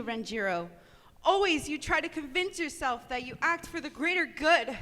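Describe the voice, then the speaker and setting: A woman volunteering at a voice acting workshop, reading a script in a slow, measured way. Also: high voice, a bit bright. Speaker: audience volunteer. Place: convention panel room. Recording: echoey convention hall.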